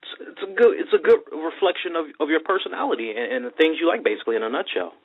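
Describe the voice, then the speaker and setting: A man's voice: on the high side, very animated, fast talker, slight background noise. A man hosting an interview, chatting in an easygoing, casual way. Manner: easygoing, uses fillers. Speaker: show host. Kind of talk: casual chat. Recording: dull lo-fi internet radio audio.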